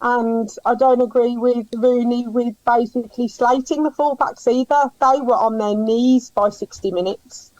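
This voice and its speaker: A woman gives her blunt take on the match in casual podcast chat. She talks briskly and firmly, with frequent ums. The line sounds dry and slightly lo-fi. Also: fairly high pitch, steady tone, a little mellow, no room sound. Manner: brisk, opinionated, lots of ums. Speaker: podcast panelist giving match feedback.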